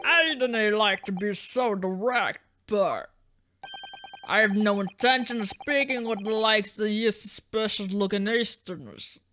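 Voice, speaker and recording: A woman voicing a gruff, hostile male prison governor in a blustering mock Scottish brogue, over game music. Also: mid-range voice, animated, slow, few pauses, pushed and bright, a little hiss or hum. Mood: dismissive.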